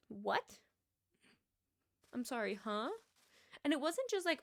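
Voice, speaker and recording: Young woman, streamer, casual rambling chat, fillers and restarts, slightly high voice. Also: lively intonation, moderate pace.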